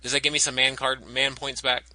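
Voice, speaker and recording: A man's voice: mid-range voice, level tone, a little fast, bright, forceful tone, poor audio. A man co-hosting a podcast, wry and hesitant with lots of ums. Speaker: podcast co-host. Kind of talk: casual chat.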